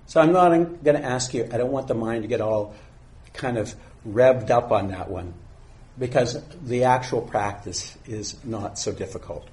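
Calm man giving a meditation talk. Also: medium pitch. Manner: calm, unhurried, reads a teaching poem slowly. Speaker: meditation teacher. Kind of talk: dharma talk.

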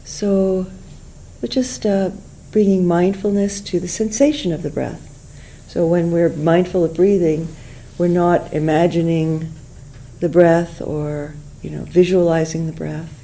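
Soft-spoken woman teaching mindfulness. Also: on the low side, steady tone, a little hiss or hum, poor audio. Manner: gentle, unhurried, many fillers and restarts. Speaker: meditation teacher. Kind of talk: guided mindfulness talk.

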